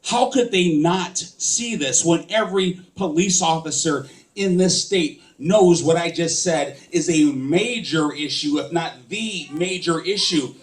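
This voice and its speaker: Speaking to a live crowd at an unhurried pace, a political candidate with a somewhat high-pitched voice gives a campaign speech. He is stirred up and insistent, impassioned as he presses listeners with rhetorical questions.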